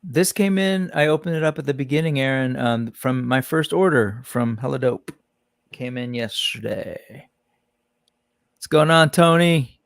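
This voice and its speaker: A man's voice: fairly high pitch, moderate pace, no room sound. A man hosting a casual livestream, chatting about toy reveals and greeting viewers in the chat by name. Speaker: livestream host.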